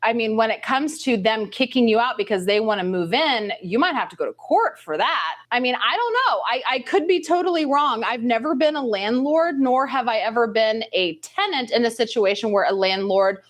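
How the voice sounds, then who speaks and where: A woman's voice: a little high, animated, normal speed, hardly any pauses. A woman hosting a casual reaction show, chatting through a clip, laughing often and thinking aloud. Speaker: news reaction host. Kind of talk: casual commentary on a video clip.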